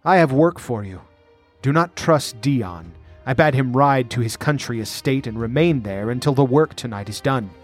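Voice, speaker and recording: A man voicing a scheming, ambitious outlaw noble who speaks in a measured, scornful, domineering way. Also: medium pitch, expressive, faint music behind, natural voice. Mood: commanding.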